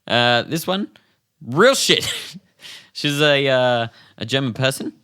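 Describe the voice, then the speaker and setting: A young podcast co-host with a smooth, medium-pitched voice speaks slowly as he tells a story. He's casual and animated, swearing freely and laughing often.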